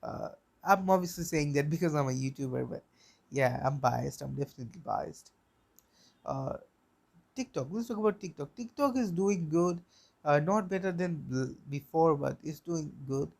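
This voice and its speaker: A man's voice: on the high side, normal speed, gravelly, a little mellow. A young man hosting a solo podcast, rambling, repeating himself and swearing bluntly. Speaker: podcast host.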